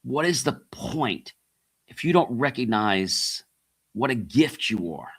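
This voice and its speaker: A man's voice: mid-range voice, sing-song, takes it slowly, a bit bright, husky. A middle-aged man hosting a motivational talk, repeating his key phrases and asking the listeners rhetorical questions. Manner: addresses listeners as guys. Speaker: podcast host and coach. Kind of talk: motivational monologue.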